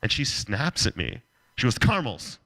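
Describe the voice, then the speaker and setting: A man delivers a motivational talk as a joking, animated storyteller. His pitch swings widely as he builds the story, and his voice has a bright, forward ring. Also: a little fast, slight background noise. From Canada. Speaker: keynote speaker.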